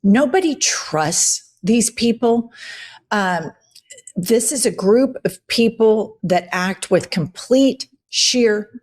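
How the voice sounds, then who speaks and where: A woman's voice: fairly high pitch, expressive, slow, a little mellow. A woman hosting a political commentary show, talking bluntly, profanely and with heavy emphasis.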